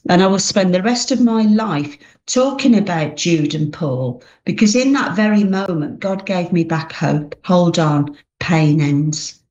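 A woman's voice: fairly low pitch, unhurried, few pauses, darkish tone, dull audio. A woman giving a heartfelt personal testimony as an interview guest, speaking earnestly and often restarting her sentences.

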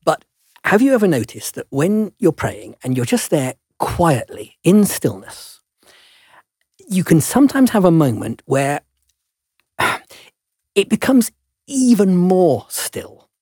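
An older man speaks with a husky voice that rises and falls in lively swings. He tells his stories as a guest in a chatty, self-deprecating way. The sound is dry and close. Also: on the high side, unhurried, pauses often, no room sound. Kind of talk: relaxed storytelling in an interview.

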